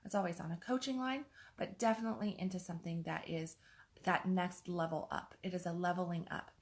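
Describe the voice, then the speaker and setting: Gravelly-voiced woman coach rambling candidly. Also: fairly low pitch, steady tone, brisk. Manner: raw, rambling, swears freely. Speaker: life coach. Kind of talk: casual vlog monologue.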